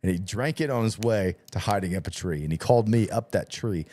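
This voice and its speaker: A man's voice: on the low side, fairly quick, mellow, a little hiss or hum. A man hosting a podcast in casual chat, telling stories with lots of swearing and acting out both sides of each exchange. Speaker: podcast host.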